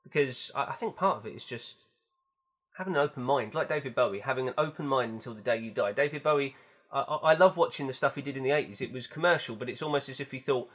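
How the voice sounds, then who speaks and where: A man's voice: medium pitch, a bit bright. Male co-host, mid-range voice, chatty storyteller with a dry edge. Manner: chatty, storytelling with wry swearing. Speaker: podcast co-host. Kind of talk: casual film chat.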